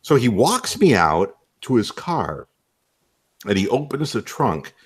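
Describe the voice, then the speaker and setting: A male radio host tells comic stories, laughing often. His pitch leaps up and down, and his delivery moves between rowdy laughter and low asides. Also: slow, breathy edge. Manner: animated storyteller, laughs often.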